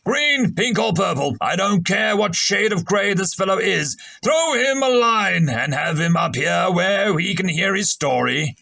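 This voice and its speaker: A pompous, short-tempered ship's captain, put on by a man reading a story aloud, pitched higher than plain speech. He barks and blusters every order, and his voice swings with a lively, commanding lilt. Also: a little slow, creaky, few pauses, full character voice. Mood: blustering. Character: pompous, irritable old naval captain, male.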